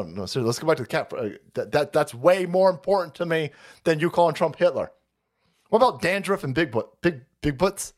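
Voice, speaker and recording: Animated, mocking male stream host. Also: a little high. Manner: crude, mocking, puts on voices for quotes; reads chat messages aloud. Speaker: livestream host. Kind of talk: profane political rant stream.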